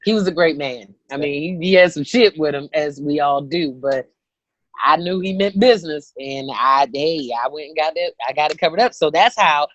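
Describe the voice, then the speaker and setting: A woman in her thirties, a comedian telling a story, animated and profane, acting out the voices of people in it. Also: low-pitched, dry recording, dull audio. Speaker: comedian guest. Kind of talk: comic storytelling.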